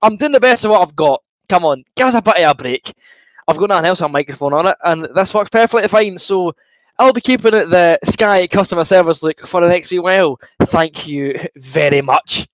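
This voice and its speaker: A young Scottish man with a high voice hosts a football watchalong stream and chats his way through the viewer comments. He sounds good-humoured and a little queasy from gulping fizzy juice, and the sound is dry and close. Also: lively intonation, fairly quick, no echo, rough recording. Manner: chatty and good-humoured, reads out comments and answers them. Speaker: livestream host. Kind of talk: casual watchalong chat, reading viewer comments.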